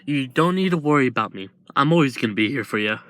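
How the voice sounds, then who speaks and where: A man voicing a protective older brother calming his crying little brother in a fan story. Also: medium pitch, fast, slight background noise, close to an everyday voice. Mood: soothing. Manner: soothing, reassuring.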